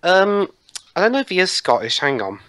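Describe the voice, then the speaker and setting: A man's voice: high voice, big pitch swings, a little fast, fairly bright tone, dry recording. A man in a casual group movie commentary who rambles and restarts his sentences.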